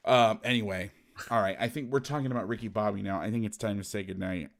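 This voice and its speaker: A man's voice: lowish voice, fairly even intonation, quick pace. Man casually telling a profane story. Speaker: podcast host and football coach. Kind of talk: casual chat.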